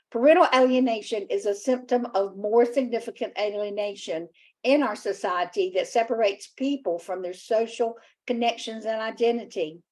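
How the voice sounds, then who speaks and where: A woman's voice: on the high side, darkish tone, low-quality recording. A woman hosting a talk show, reading a scripted introduction and earnestly urging viewers, with fillers when she goes off script.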